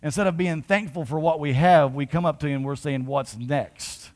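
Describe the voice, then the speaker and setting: A man's voice: on the high side, fast talker, darkish tone. Man preaching a storytelling sermon. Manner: conversational, building to emphatic. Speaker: pastor.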